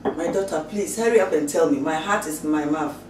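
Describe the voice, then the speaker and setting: A woman's voice: mid-range voice, expressive, normal speed, natural voice. An anxious older mother presses her daughter for news, as a woman puts her on. She sounds urgent and exclamatory, heard from a distance in an echoey room with faint noise behind.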